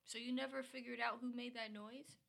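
A woman's voice: on the high side, flat delivery, brisk, vocal fry, a bit bright. A woman guest on a podcast, chatting casually and making blunt, joking asides. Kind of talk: casual chat.

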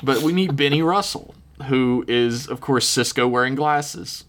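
A man's voice: mid-range voice, measured pace, fairly bright tone. A man co-hosting a podcast, recapping a TV episode in casual joking chat with mock quotes. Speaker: podcast co-host.

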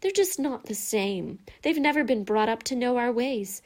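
A woman's voice: fairly high pitch, animated, normal speed, a little mellow, pitched above the performer's own voice, close to an everyday voice. Woman doing a drawling, sneering rich boy.

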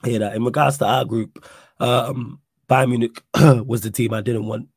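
A man's voice: mid-range voice, fairly even intonation, normal speed, gravelly, a little mellow, husky, no room sound, clean studio sound. A man hosting a casual live stream, chatting and reading out viewer messages, with a slight cough. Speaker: stream host.

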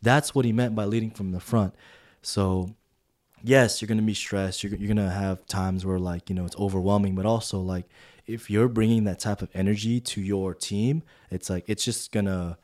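A man's voice: fairly low pitch, fairly even intonation, normal speed, darkish tone. A young man, a podcast co-host, telling a story in casual chat and animatedly quoting others.

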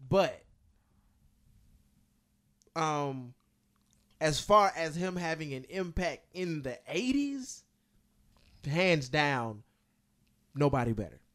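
A man's voice: a little high, takes it slowly, pauses often. A man hosting a casual hip-hop podcast, debating rankings and counting down a list. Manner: animated, ranks and counts down a list. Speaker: podcast host.

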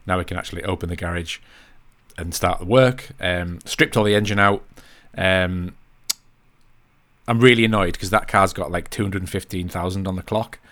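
Deep-voiced Englishman, laid-back and sweary. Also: moderate pace, fairly bright tone. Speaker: podcast co-host. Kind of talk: casual podcast chat.

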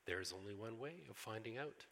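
Preacher voicing a wise, gentle lion; measured, grave delivery, ringing hall. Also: male voice, fairly low pitch, expressive. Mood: solemn. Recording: echoey hall.

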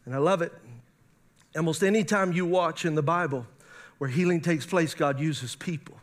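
A pastor delivers a lively sermon in a high, ringing voice. He keeps turning to his congregation with questions and talks with animated energy. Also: moderate pace. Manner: animated preaching, asks the audience questions.

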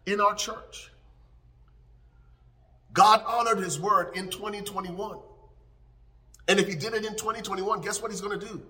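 High, bright-voiced preaching man. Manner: emphatic preaching with repetition, swelling then dropping to hushed prayer. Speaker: pastor. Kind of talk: sermon.

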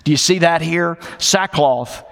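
A man preaching a sermon in a church, conversational, slowing down for emphasis and dropping in playful asides. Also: a little high, gravelly, fairly bright tone, in a large hall. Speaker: pastor. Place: church sanctuary.

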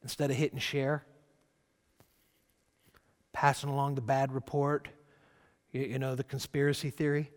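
A man's voice: medium pitch, normal speed, pauses often, in a large hall. A man preaching a sermon, reading scripture with rising force and breaking into conversational asides. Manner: animated, rising loud when quoting scripture, conversational asides. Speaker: pastor.

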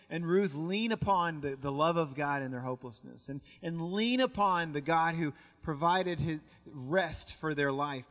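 A man's voice: fairly high pitch, fairly bright tone, in a large hall. A man preaching a sermon as pastor in a church, telling stories and often repeating words as he goes. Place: church sanctuary.

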